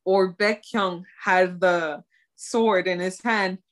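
A woman's voice: on the low side, steady tone, takes it slowly. A young woman co-hosting a casual chat, talking animatedly about a drama episode and laughing between her thoughts. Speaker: co-host.

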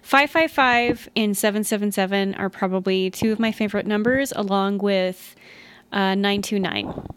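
A young adult woman co-hosting a podcast, telling stories in an excitable, rambling way. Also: medium pitch, moderate pace, clean tone, dry recording. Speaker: podcast co-host. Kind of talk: casual chat.

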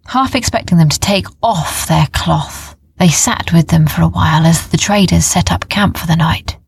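A woman narrating a children's story in a gentle, unhurried way, sometimes dropping to a near whisper. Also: on the low side, creaky, husky, dry recording, clean studio sound.

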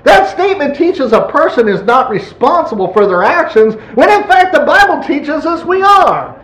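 A man preaching a sermon in a folksy, animated way, acting out quotes. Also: very high voice, moderate pace, few pauses. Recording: echoey room.

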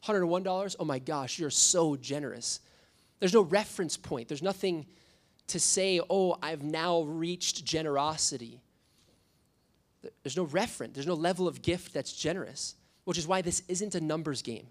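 A man's voice: fairly high pitch, moderate pace. A young adult man preaching a sermon as a youth pastor, telling stories with acted-out quotes. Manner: storytelling, animated with acted quotes.

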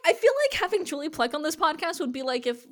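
High-pitched woman on a podcast, snarky, cusses a lot, loose chat. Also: animated. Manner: swears freely, quick bursts of sarcasm. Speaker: podcast co-host. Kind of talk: casual chat.

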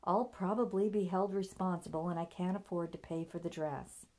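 A woman's voice: on the low side, sing-song, a little slow, mellow, heavily acted. A woman voicing a shop saleswoman who is eager to please and easily worried. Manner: hopeful, worried.

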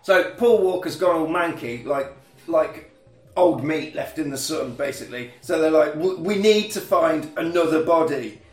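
A man's voice: fairly high pitch, normal speed, recorded from a distance. Man recapping a film, echoey room. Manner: retells the plot in long runs. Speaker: podcast co-host. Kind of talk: casual film recap chat.

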